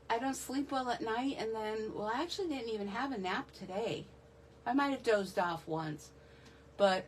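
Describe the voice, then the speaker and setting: A woman's voice: on the high side, a little hiss or hum. A woman from the northeastern United States hosting a casual live stream from her home craft room. She chats in a rambling way and greets viewers by name.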